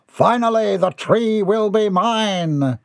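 A man's voice: fairly high pitch, big pitch swings, measured pace, darkish tone, husky, dry recording, clean studio sound, voice pushed up, heavily acted. A man voicing a pompous, grandiose heir in a comic audiobook, who speaks in exclaiming tones. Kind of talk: audiobook character voice.

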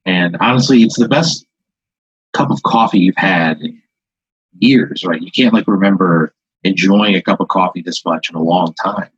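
A man improvising a second-person story to a guest, halting and full of filler words. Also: low-pitched, husky, no room sound, highs cut off. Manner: rambling, halting, many "like"s.

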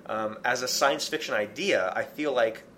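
A man of ordinary pitch makes his case in a relaxed conversation. He argues in long, unbroken runs and often restarts his phrases midway. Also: normal speed, slight background noise. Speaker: podcast co-host discussing comics. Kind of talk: casual chat.

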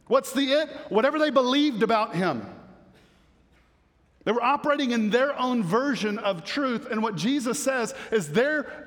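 High-voiced preacher in a reverberant hall. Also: male voice. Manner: emphatic, swinging from loud to hushed. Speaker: pastor. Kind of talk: sermon.

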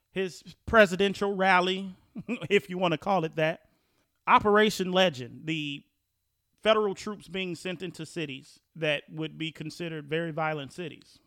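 High, bright-voiced male podcast host. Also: clean tone, dry recording, clean studio sound. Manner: conversational, repeats and restarts when thinking. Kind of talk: casual podcast talk.

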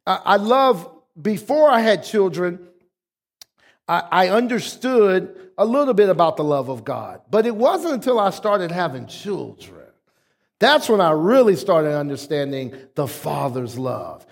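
Male pastor, high voice, emphatic call-and-response preaching, church hall reverb. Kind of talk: sermon. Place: church sanctuary. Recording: echoey hall.

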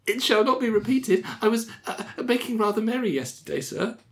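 A man's voice: sits high, animated, a little fast, pitched above the performer's own voice. A man voicing a timid young Victorian clerk who apologizes and pleads in a raised, fluttery voice. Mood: pleading.

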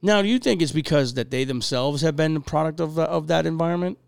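A man hosting a podcast, telling stories in a profane, animated, casual way. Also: a little high, fast talker, creaky, smooth, no echo, clean studio sound. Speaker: podcast host.

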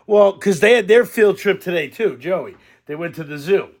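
A man's voice: sits high, lively intonation, normal speed. A middle-aged man co-hosting a podcast, telling profane stories in a casual, laughing way. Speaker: podcast co-host. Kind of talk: casual comedic chat.

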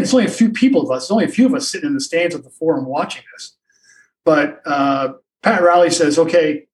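An older man, a sportswriter, spins long anecdotes, wandering and restarting as he goes. His voice sits slightly high for a man and sounds a little distant from the microphone. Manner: rambling, many restarts and asides. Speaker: sportswriter guest. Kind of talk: anecdotal storytelling in a podcast interview.

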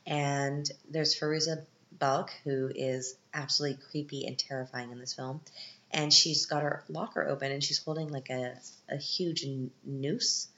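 A woman's voice: sits low, fairly even intonation, normal speed, fairly bright tone. A woman hosting a podcast, recapping a film in a casual, chatty way with joking asides. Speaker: podcast host. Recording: roomy, dull lo-fi sound.

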